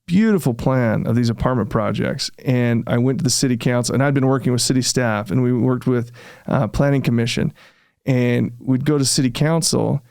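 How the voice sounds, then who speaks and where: A man with a gravelly, fry-tinged voice at an ordinary middle pitch tells his development story in a relaxed interview. He jumps into lively retellings of his own past remarks. The recording is dry and close, with no room sound. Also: moderate pace, dry recording. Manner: animated, reenacts his own past remarks, frequent fillers. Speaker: real estate developer guest.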